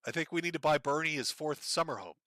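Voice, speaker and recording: A man's voice: a little high, fast, no echo, clean studio sound. Sardonic, profane male streamer. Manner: sardonic, profane, deadpan delivery with sighs and laughs. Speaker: streamer reading donations. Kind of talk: casual livestream chat.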